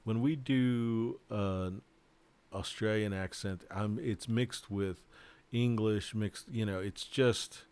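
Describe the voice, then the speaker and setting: A man's voice: on the low side, slow, a little mellow, smooth. A man, a board game designer, chatting casually and rambling, joking and swearing as he talks. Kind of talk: casual livestream chat.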